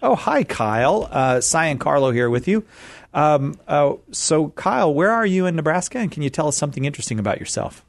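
A man's voice: a little high, lively intonation, fairly quick, no room sound. Playful man hosting a radio game show. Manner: jokey, upbeat, puts on a game show host voice.

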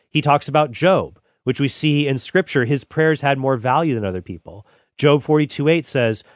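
A man reading old church writings aloud and commenting on them in a measured, deliberate way. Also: medium pitch, no echo, clean studio sound. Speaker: Catholic apologist host.

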